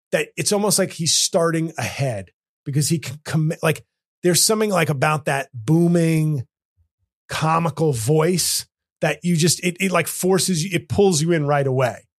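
A man hosting a comedy podcast, talking casually in rambling, self-interrupting runs with joking asides. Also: on the high side. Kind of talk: casual chat.

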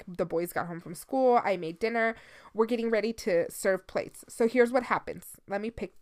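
A woman's voice: mid-range voice, clear, resonant tone. A woman in her thirties hosting a casual solo podcast, talking candidly and swearing freely, slipping into the odd Spanish phrase, a little sleepy. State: sleepy, yawning. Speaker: podcast host.

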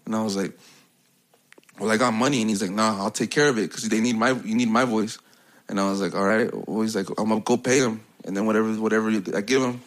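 A young man spins a rambling, profane story in casual chat. His talk is loose and full of slang, and laughter keeps breaking in. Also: mid-range voice. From United States.

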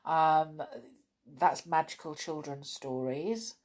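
Woman, children's storyteller, expressive, chatty, slightly low voice, unhurried. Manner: expressive and chatty, with soft asides. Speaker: children's story podcast host.

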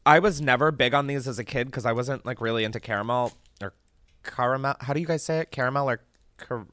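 A man hosting a podcast in casual chat, animated and chatty, swearing freely and laughing often. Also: mid-range voice, very fast, no room sound. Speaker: podcast host. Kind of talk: casual chat, candy taste test.

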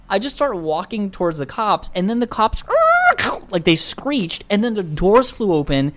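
Speaking in a high-pitched voice, unhurried but with hardly any pauses, a young filmmaker appears as a guest and shares a story conversationally. He laughs often, stays animated, and imitates the voices of others.

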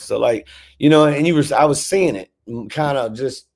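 Rapper guest, mid-pitched man's voice, loose, profane, rambling anecdotes. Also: moderate pace, creaky, darkish tone. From Memphis, Tennessee. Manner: rambling, heavy swearing, frequent restarts. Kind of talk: casual storytelling conversation.

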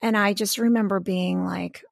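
A woman's voice: medium pitch, fairly even intonation, moderate pace, gravelly, no room sound, studio quality. A woman co-hosting a podcast in casual, rambling chat, full of fillers and restarts. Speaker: podcast co-host.

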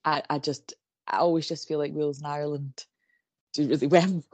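A woman's voice: deep voice, steady tone, fairly quick, a little mellow, dry recording. A woman co-hosting a true-crime podcast, chatting casually in a rambling way and laughing often. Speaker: podcast co-host.

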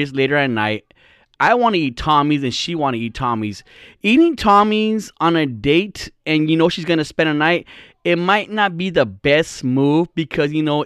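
A man's voice: a little high, a bit bright, smooth, dry recording. A young man with a slightly raised voice rambles through a comic anecdote on his podcast, swearing freely and joking as he goes. The sound is close and dry, with no room around it. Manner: profane, rambling, jokey. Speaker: podcast host. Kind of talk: casual comedic storytelling.

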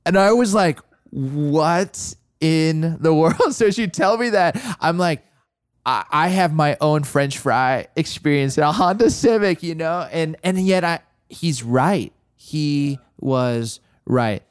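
Podcast host, male, 40s, animated, stumbles and restarts, dry close mic. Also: a little high, unhurried, dry recording. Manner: animated storyteller, many restarts. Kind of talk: casual conversation.

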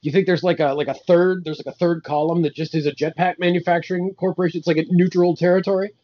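A man with a high-pitched voice co-hosting a comedy podcast, dry and sardonic in casual banter. The sound is slightly dull and lo-fi. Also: level tone, fast. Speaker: podcast co-host.

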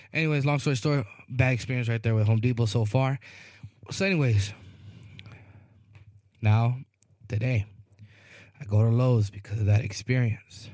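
A male podcast co-host spins a long, rambling story in casual conversation, repeatedly asking "you know what I mean" and acting out the characters. His voice is medium-pitched and warm, recorded cleanly in a studio with no echo.

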